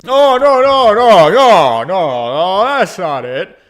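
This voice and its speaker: A man doing a gruff, rattled game character who drags his words out slowly and mumbles his way through each thought. The pitch leaps and drops across a wide range as he halts and restarts. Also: very animated, exaggerated voice. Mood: agitated. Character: big gruff adult man, confused and shaken.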